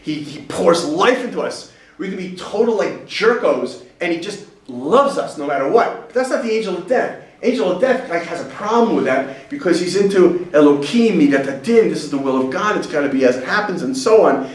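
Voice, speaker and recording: Middle aged guy teaching a class, jokey, does silly voices, kinda high, mic far off in a boomy room. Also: lively intonation, fairly quick, roomy sound. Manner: chatty and joking, acts out quotes in funny voices. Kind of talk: casual lecture to a class.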